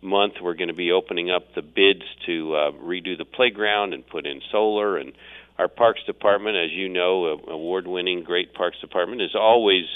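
Deep-voiced city official guy calling in, rambling on, tinny phone sound. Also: normal speed. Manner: rambling, meandering with restarts. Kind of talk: radio interview. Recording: phone-line audio.

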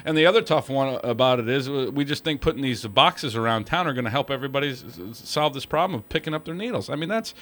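Brief: male talk radio host, animated, frustrated, swinging pitch. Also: fast talker. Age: young adult. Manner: animated, frustrated ranting with quoted asides.

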